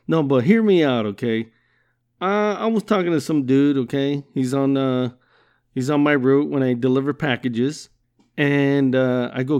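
A man hosting a podcast, telling rambling comedic stories in a casual, profane way, laughing often and jumping suddenly to loud bursts. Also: mid-range voice, moderate pace, clear, resonant tone. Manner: animated storytelling with sudden loud jumps. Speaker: podcast host.

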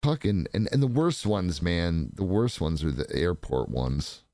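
A man with a somewhat low voice co-hosts a podcast, trading crude jokes and swearing freely as he riffs. He gets animated and slips into exaggerated voices mid-story. His voice is recorded close and dry. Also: a little slow, dry recording. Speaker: podcast co-host. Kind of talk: crude casual banter.

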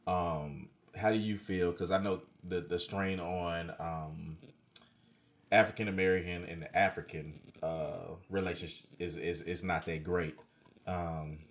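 A man speaks in a very deep, low voice. He chats casually as a co-host. He stops and restarts often, filling the pauses. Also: steady tone. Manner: halting, many fillers and repeats. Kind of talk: casual chat.

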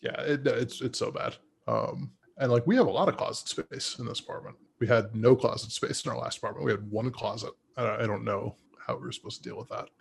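Brief: young guy, gravelly fry in the voice, relaxed rambling co-host. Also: mid-range voice, a little fast, few pauses. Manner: easygoing, rambling, many fillers. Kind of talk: casual chat.

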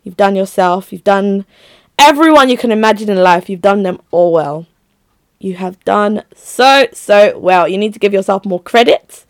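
A woman's voice: mid-range voice, normal speed, no room sound, clean studio sound. A young woman chatting casually on her own to her listeners, rambling and giggly. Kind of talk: casual solo chat to listeners.

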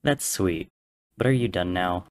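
A man voicing a smirking, mocking male god who talks loudly and with exasperation. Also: sits low, unhurried, no room sound. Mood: taunting. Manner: taunting, exasperated.

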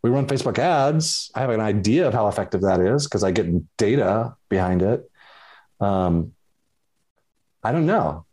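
A man's voice: lowish voice, animated, moderate pace, darkish tone, breathy edge. A man speaks as a podcast guest, frank and a little hesitant. He stops and restarts often while he thinks through his answers. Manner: candid, hesitant, many fillers and restarts. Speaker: podcast guest, business owner. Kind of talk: casual interview chat.

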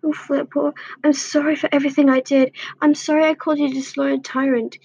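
A woman's voice: high-pitched, little pitch movement, quick pace, vocal fry, a little mellow, lo-fi sound, pitched above the performer's own voice. Hot-tempered young she-cat, voiced by a woman. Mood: remorseful. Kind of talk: storybook reading.

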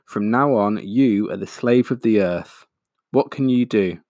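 A man voicing a calm, resolute male iron giant who speaks in a firm, measured way. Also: fairly low pitch, dry recording, clean studio sound, close to an everyday voice.

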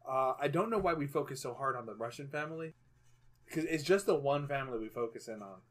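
A man's voice: mid-range voice, quick pace, a bit bright. A man co-hosting a casual podcast chat, rambling and restarting his sentences, swearing freely. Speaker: podcast co-host. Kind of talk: casual chat about a movie.

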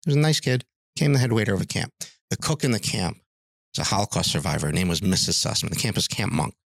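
A man's voice: low-pitched, sing-song, quick pace, vocal fry, no room sound, studio quality. A middle-aged man, a music teacher, telling stories in a podcast interview and acting out the voices of people he quotes.

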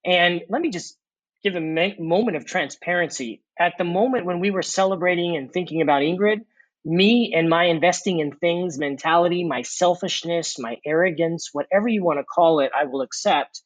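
A man's voice: sits high, no room sound, poor audio. Earnest man telling a personal story. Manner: earnest, reflective, with many fillers and dramatic pauses. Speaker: interview guest; former corporate executive turned mission worker.

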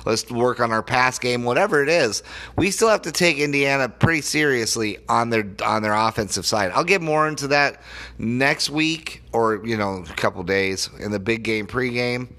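A man's voice: mid-range voice, moderate pace, bright, forceful tone. A young man ranting as a sports podcaster, annoyed, sarcastic and heavy on profanity. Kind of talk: profane fan rant.

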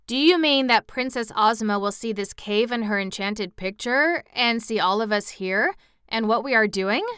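A woman's voice: fairly high pitch, moderate pace, fairly bright tone, clean tone, dry recording, clean studio sound, lightly acted. A woman voicing a curious, uneasy young boy in an audiobook, asking many questions.

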